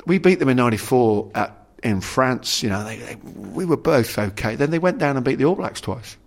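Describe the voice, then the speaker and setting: With a medium-pitched, animated voice at a moderate pace, a middle-aged man who used to play rugby answers questions in a casual interview. He rambles, often starting over and leaning on "you know."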